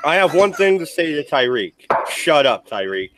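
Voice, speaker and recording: A man in casual chat who makes dark jokes in a deadpan, halting way. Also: a little high. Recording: noisy stream audio.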